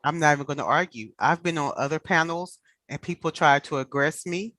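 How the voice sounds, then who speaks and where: A woman with a Southern US accent, hosting a casual video call chat, animated and quick to laugh. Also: sits low, no echo. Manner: animated, laughs often, storyteller. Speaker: host.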